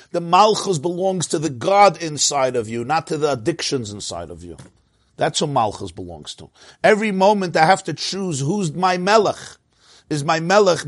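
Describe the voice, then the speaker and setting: A man's voice: a little high, dry recording, studio quality. A man teaching a Torah class, emphatic and repetitive, mixing in Hebrew and Yiddish terms and laughing between points.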